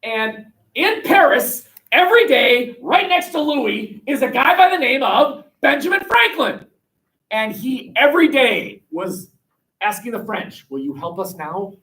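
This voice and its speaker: Animated jokey history teacher. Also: male voice, extremely high pitch, unhurried. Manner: jokey, acts out quotes, many fillers. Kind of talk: lively classroom lecture. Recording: voice from far off the mic in a classroom.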